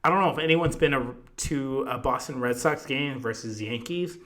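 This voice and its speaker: Host type: tipsy guy, swears a lot, loose rambling storyteller, mid-pitched voice. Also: moderate pace. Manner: swears constantly, rambling and animated. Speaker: podcast host. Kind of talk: casual storytelling chat.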